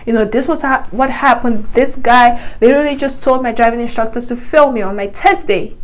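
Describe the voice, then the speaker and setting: A woman's voice: on the high side, fairly quick, low-quality recording. A young woman vlogger telling a personal story in a casual, chatty way, exasperated and full of fillers.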